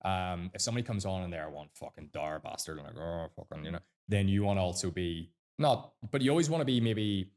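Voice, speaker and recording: Northern Irish man, deep voice, quick and blunt, sweary mentor type. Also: animated, darkish tone. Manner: blunt, sweary, fast-talking. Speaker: sales mentor guest. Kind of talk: casual podcast chat.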